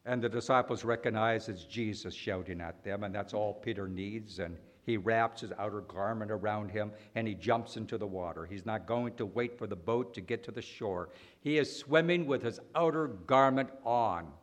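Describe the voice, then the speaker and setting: A man preaching a sermon, animated and full of rhetorical questions and dramatic pauses. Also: on the low side.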